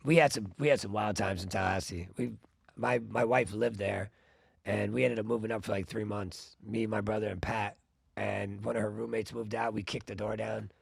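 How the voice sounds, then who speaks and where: Gravelly, husky laid-back man. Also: lowish voice, fairly even intonation, moderate pace, no echo, clean studio sound. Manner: laid-back, reacting and joking. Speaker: podcast co-host. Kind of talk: casual chat.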